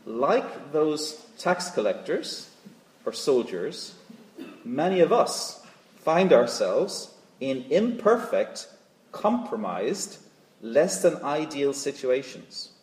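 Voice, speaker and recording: Man preaching with lively, echoing rhythm. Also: fairly high pitch, slow. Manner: rhythmic repetition of key phrases; expressive, rising and dropping to a hush. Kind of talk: sermon.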